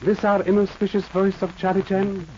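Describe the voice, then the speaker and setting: An actor playing a calm, shrewd detective who speaks in clipped, formal broken English in a 1940s radio drama. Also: male voice, sits high, moderate pace, natural voice. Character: shrewd aphorism-quoting Chinese detective, calm. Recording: muffled old radio recording, faint hiss.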